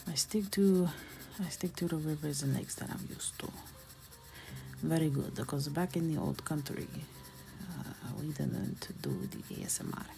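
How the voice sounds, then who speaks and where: A woman hosting a live coloring stream, talking casually and playfully while she colors, chatty and animated. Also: low voice, vocal fry.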